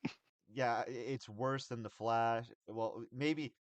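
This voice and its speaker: A man hosting a podcast in casual reaction chat, halting and restarting as he thinks aloud and reads chat. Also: mid-range voice, fairly even intonation, no echo, dull audio. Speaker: podcast host.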